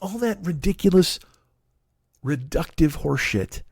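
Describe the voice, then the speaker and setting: A man's voice: mid-range voice, animated, fairly quick, a little mellow, dry recording. Man in his forties, swearing comedy rant, mocking impressions, dry close sound. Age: 40s. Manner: swearing, ranting, mocking voices. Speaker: comedian podcast host.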